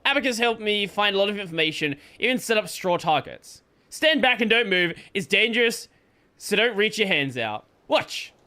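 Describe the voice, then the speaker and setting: A man voicing an eager young male apprentice while reading video game dialogue aloud in a slow, careful way. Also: sits high, expressive, bright, forceful tone. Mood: earnest.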